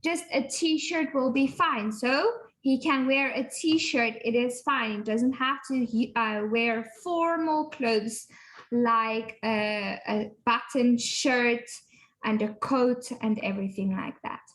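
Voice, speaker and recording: Woman English teacher, bright high voice, slow and patient, explains as she reads. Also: low-quality recording. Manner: slow, patient, explains words and repeats phrases. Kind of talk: reading and explaining a textbook dialogue to pupils.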